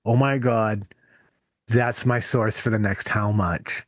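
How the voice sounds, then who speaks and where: A man's voice: lowish voice, slow, no room sound. Dry-miked profane podcast guy. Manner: profane, animated storytelling. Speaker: podcast co-host. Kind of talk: casual podcast chat.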